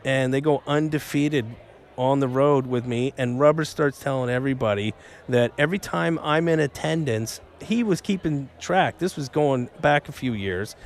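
Animated man in his forties telling stories. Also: moderate pace. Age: 40s. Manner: animated storyteller, acts out quotes, trails into low mumbles. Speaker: guest storyteller. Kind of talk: casual radio chat.

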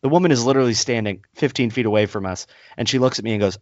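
A man co-hosting a podcast, telling an annoyed story in a casual rant and acting out the people in it with high put-on voices. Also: rapid-fire, hardly any pauses, dry recording. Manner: animated storyteller, acts out others in high voices. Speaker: podcast co-host. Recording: dull lo-fi, dry sound.

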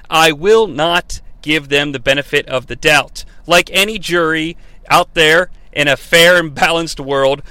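A man's voice: a little high, sharp tone, no room sound. An American man hosting a comedic wrestling review show, rambling and profane, with a mock-formal tone. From United States.

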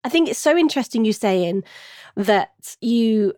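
A woman co-hosting a podcast interview, speaking in a thoughtful, measured way about parenting. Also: a little high, expressive, a little mellow, no echo, clean studio sound. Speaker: podcast co-host. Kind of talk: reflective interview talk.

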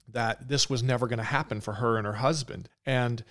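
A man's voice: medium pitch, steady tone, brisk, fairly bright tone. A man preaching a sermon, retelling a Bible story in an earnest, repetitive way.

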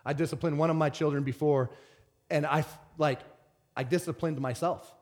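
Middle-aged male pastor, passionate sermon delivery, slightly high voice, veers from loud to hushed. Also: normal speed. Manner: swings from shouted excitement to quiet earnest talk.

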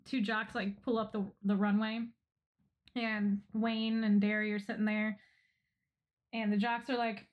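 A woman co-hosting a podcast in casual chat, retelling favorite jokes, laughing often and acting out quoted lines in quick bursts. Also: mid-range voice, little pitch movement, lo-fi sound. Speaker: podcast co-host.

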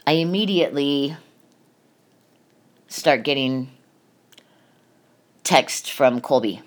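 This middle-aged podcast host speaks slowly in an extremely low, expressive voice. She gives a personal confessional monologue about a painful family matter, candid and emotional, with plenty of swearing.

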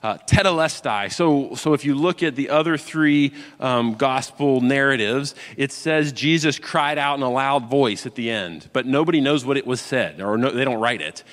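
A man preaching a sermon, moving from quiet explanation to loud, impassioned proclaiming. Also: mid-range voice, normal speed, hardly any pauses. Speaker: pastor. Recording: long hall reverb.

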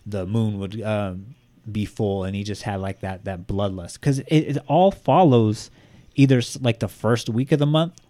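Low-voiced man rambling on a podcast. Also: moderate pace, mellow, no echo. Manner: rambling, full of fillers, swearing. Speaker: podcast host. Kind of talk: casual true-crime podcast chat.

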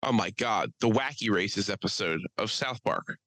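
A man's voice: lowish voice, animated, bright, forceful tone, no room sound, low-quality recording. A man co-hosting a podcast, telling crude jokes and rambling stories in casual chat. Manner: joking, profane storytelling with quick asides. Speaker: podcast co-host.

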